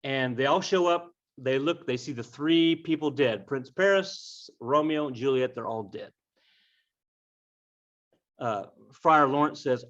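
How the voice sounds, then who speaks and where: A man's voice: mid-range voice, unhurried, a bit bright. Wry man retelling a story casually. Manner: wry, offhand asides. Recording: dull lo-fi recording.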